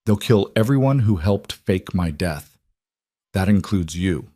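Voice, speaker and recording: A man voicing a cold, controlled young man who gives orders in an even, commanding tone. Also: deep voice, unhurried, no room sound, clean studio sound.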